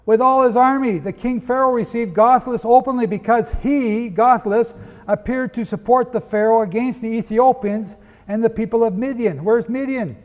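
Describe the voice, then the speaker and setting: High-voiced man preaching in a hall. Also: moderate pace. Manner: animated, asks the audience questions, reads quotations aloud. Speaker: Bible teacher. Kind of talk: lecture-style sermon reading from sources. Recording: long hall reverb.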